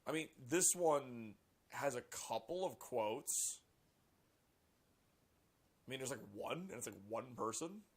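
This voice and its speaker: A man reading a news article aloud and reacting to it with sarcastic, profane commentary and animated outbursts. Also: mid-range voice, slow, long pauses. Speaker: political commentary vlogger.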